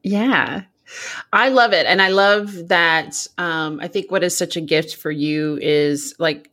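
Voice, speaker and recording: A woman's voice: lowish voice, slow pace, sharp tone. A woman from the American South hosting a podcast interview, talking casually and praising her guest effusively with many fillers. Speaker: podcast host.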